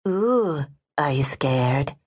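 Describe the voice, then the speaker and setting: A woman reading an audiobook, voicing a bright, playful woman tourist who teases the others. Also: a bass voice, expressive, extremely slow, pitched below the performer's own voice, full character voice. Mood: teasing. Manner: bright, teasing.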